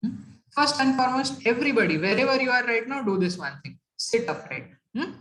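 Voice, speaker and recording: A woman's voice: on the high side, lively intonation, a little fast, fairly bright tone. A woman giving a talk on workplace etiquette, emphatic and asking the audience rhetorical questions. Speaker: corporate etiquette speaker. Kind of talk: motivational talk. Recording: roomy hall echo.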